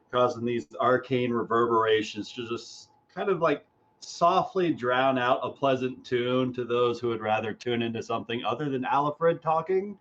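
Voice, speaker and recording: A man describing his character in a loose, relaxed way at a tabletop game. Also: medium pitch, lo-fi sound. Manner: loose, relaxed, filler-heavy. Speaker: player.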